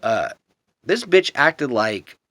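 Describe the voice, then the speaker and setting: A man's voice: medium pitch, sing-song, slow, fairly bright tone. A man telling a rambling, profane story straight to camera in a vlog, agitated and paranoid, full of "dude" and "like" and restarts.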